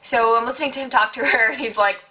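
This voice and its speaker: Twenties woman, vlogger; animated, gossipy storyteller with a bright, crisp tone. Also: fairly high pitch, quick pace. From Quebec, Canada. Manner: animated, chatty, swears freely, acts out quotes. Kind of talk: casual storytime.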